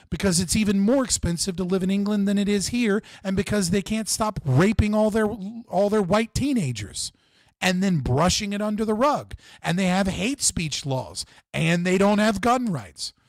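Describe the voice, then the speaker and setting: A high, sing-song voice at normal speed carries this livestream host's heated, profane political rant, which he punctuates by repeating himself. The recording is dry and studio quality.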